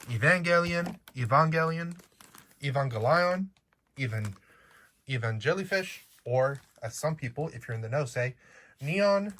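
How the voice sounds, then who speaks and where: A bright, forceful, medium-pitched voice carries a casual unboxing chat, with slight background noise. The vlogger has a slight accent, talks playfully to viewers, and cracks jokes throughout.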